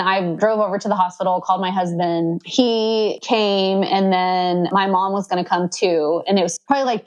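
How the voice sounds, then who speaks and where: A woman in her thirties telling her birth story as a podcast guest, chatty, full of fillers, and acting out what others said with sudden jumps up in pitch. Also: a little mellow, poor audio. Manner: acts out quoted dialogue with sudden high pitch jumps. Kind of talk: casual storytelling.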